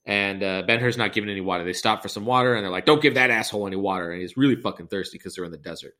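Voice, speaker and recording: A man's voice: low voice, very fast, pushed and bright. A man hosting a podcast, retelling a film in a rambling, sarcastic and profane way. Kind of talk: comedic film recap.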